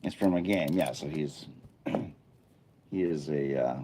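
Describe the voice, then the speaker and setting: A man hosting a casual live stream from an indoor room lit by a bright studio light, chatting and thinking aloud as he reads viewer comments. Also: very deep voice, slow pace, background noise. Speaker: livestreamer.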